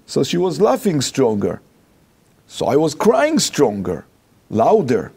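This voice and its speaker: A rabbi with an Israeli accent appears as an interview guest, recounting a personal anecdote in animated, halting non-native English. His medium-pitched voice is husky with vocal fry.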